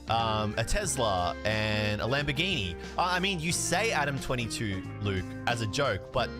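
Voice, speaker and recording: A man, a card streamer, telling a story in a casual way, acting out the dialogue and swearing now and then. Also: mid-range voice. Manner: animated, swears, laughs, acts out dialogue.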